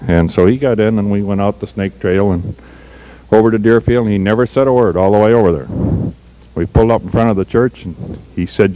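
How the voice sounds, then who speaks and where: Low-voiced man telling an anecdote. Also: a little fast, mellow, rough recording.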